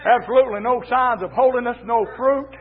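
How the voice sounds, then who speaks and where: A man preaching a fiery revival sermon in a church, his voice pitched very high for a man. He chants in rhythmic bursts, slips an "uh" between phrases, and shouts his refrains. It all comes through thin and tinny, like a phone line. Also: fairly even intonation, a little fast.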